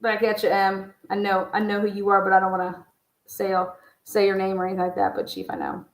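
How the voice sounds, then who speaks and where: A woman's voice: medium pitch, fairly quick. A woman giving casual livestream commentary as a true crime YouTuber. She talks in a blunt, profane, rambling way, full of asides. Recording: roomy echo.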